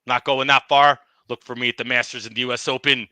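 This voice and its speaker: A man's voice: medium pitch, little pitch movement, fast, sharp tone, no room sound. A man playing a bragging, aggrieved bowling ball. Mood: boastful. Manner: boastful trash talk, repeats the host's name. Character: aggrieved urethane bowling ball, tough-talking male. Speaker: guest. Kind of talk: comedic podcast skit.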